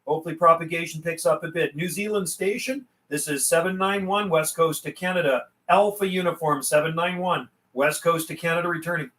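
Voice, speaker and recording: Guy on cb radio, kinda high voice, repeating call signs, loud static hiss behind him. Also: a little fast, few pauses, poor audio. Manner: repeats call signs in a steady calling rhythm. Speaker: CB radio operator and livestream host. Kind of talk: radio calling mixed with casual chat.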